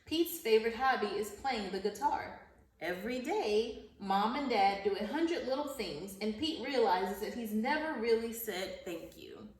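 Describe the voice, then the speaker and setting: Reading a story aloud and teaching vocabulary to children, this teacher speaks slowly with careful enunciation and repeated words. Her voice is on the high side and expressive, captured off-mic from a distance in a roomy, echoey space.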